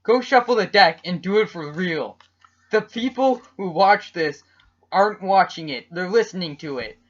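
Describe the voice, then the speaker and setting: Teasing deadpan man, lo-fi podcast. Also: high voice, moderate pace. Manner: teasing, deadpan absurd jokes. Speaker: podcast co-host. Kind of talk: casual joking chat. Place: home room at a computer. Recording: dull lo-fi home computer mic.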